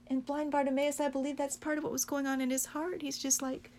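A woman's voice: high-pitched, flat delivery, brisk, few pauses, a little mellow, a little hiss or hum. A woman preaching a sermon with passion, hammering her points home through repetition. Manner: impassioned, emphatic repetition.

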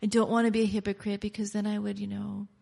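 A woman's voice: medium pitch, monotone, fast talker, gravelly, warm tone, husky. Mopey resigned believer lady, half whispering how hopeless she is, a preacher acting it out. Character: mopey defeated believer, woman, wallowing in hopelessness.

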